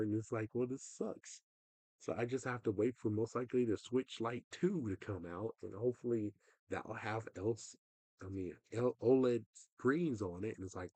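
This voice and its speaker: A man's voice: on the low side, warm tone, slightly rough, no room sound. A young man livestreaming, talking in a rambling, frustrated way that often trails off. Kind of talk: casual livestream rant.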